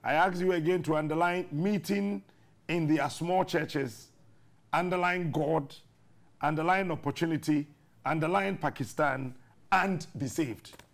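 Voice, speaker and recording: A Ghanaian morning show host reads passages from a book aloud and lectures his viewers about reading. His voice sits a little high, and his manner is earnest. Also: a little slow. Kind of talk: reading aloud from a book, then interview chat.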